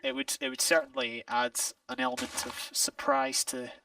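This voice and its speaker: A man's voice: extremely high pitch, huge pitch swings, normal speed, creaky, bright, forceful tone, no echo, recorded from a distance, low-quality recording. A Scottish man chatting casually while playing a game, rambling and correcting himself, laughing often. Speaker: game player. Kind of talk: casual gameplay chat.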